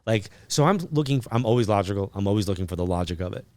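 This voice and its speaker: Chatty man telling a story, low-voiced. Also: rapid-fire, no room sound. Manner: chatty, lots of "like" and "um" fillers; animated, acts out remembered dialogue. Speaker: podcast guest, psychic medium. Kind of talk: casual storytelling interview.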